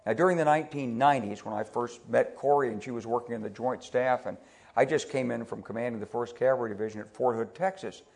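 A man's voice: medium pitch, fast, creaky. An older American man speaks at a public talk in a mid-range voice. He sounds conversational and tells anecdotes. He often stumbles and restarts on repeated words as he goes. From United States. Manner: conversational, repeats words when restarting, quotes people in lively put-on voices. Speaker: retired army general giving a talk.

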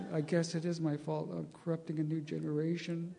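A man's voice: a little high, flat delivery, fairly quick, gravelly, few pauses, a little mellow. An older man telling a long, wry anecdote to an audience, chuckling as he acts out the dialogue. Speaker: storyteller.

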